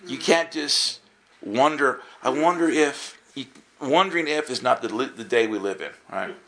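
A gravelly-voiced man delivers a storytelling sermon at a moderate pace. He tells it with animation, acting out dialogue with jumps in pitch.

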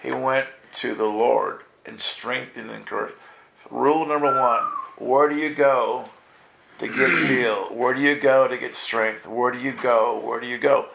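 Male New pastor, gravelly edge, playful and interactive preaching style. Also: medium pitch, steady tone, measured pace, fairly bright tone, slight background noise. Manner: playful, acts out voices, quizzes the congregation. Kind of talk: lively live sermon.

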